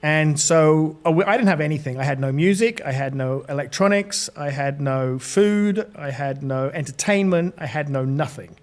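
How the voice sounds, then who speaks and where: British male guest, middle-aged, slightly higher voice, earnest testimony with stumbles. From Britain. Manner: earnest storytelling, halting restarts. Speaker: podcast guest. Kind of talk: personal testimony in an interview.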